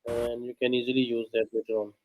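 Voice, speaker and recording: A man teaching a one-on-one online language lesson, pausing often with fillers. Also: mid-range voice, level tone, a little mellow, poor audio. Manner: hesitant, many "uh" and "you know".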